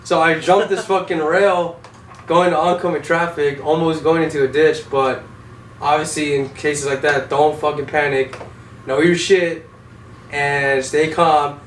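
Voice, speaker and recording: A man's voice: fairly high pitch, fairly even intonation, a little slow. A young man, an Army vehicle driver, telling war stories casually with heavy swearing, in an echoey room. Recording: echoey room, distant mic, faint noise.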